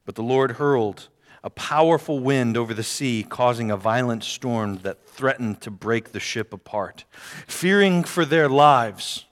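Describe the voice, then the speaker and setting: A man's voice: mid-range voice, lively intonation, a little slow. A man preaching a sermon, reading scripture aloud and repeating key phrases for emphasis. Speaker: pastor. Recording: long hall reverb.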